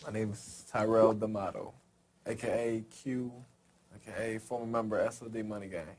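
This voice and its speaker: A man calmly explaining his side of a story in a documentary interview. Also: lowish voice, moderate pace.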